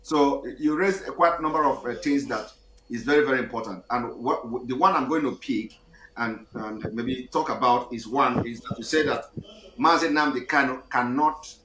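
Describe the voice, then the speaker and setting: A man at a middle pitch hosts a call-in show, calm and halting, stopping often on fillers. His voice is bright, and the room around him is echoey. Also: slight background noise. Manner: hesitant, many fillers and restarts, calm. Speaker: host. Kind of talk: talk show hosting. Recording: roomy echo.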